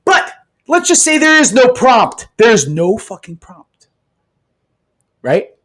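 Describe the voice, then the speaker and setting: Animated, swearing male podcast co-host. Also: extremely high pitch, takes it slowly. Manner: animated, profane, emphatic, keeps asking "right?". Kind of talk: casual chat.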